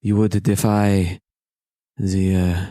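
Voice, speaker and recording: A man's voice: low voice, flat delivery, takes it slowly, mellow, no echo, studio quality. A man voicing a defiant captive man who speaks in a reproachful, accusing way. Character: defiant captive man, bitter loyalist prisoner.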